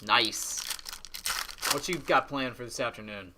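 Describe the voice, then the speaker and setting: A man's voice: mid-range voice, measured pace, background noise. A man casually reading out trading cards as he opens packs on a live stream. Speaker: card box breaker. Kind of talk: live-streamed card break commentary.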